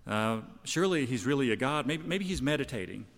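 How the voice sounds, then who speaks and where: A man's voice: on the low side, expressive, measured pace. A man voicing a defiant male prophet of old, quoted in a sermon. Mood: mocking. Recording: long hall reverb.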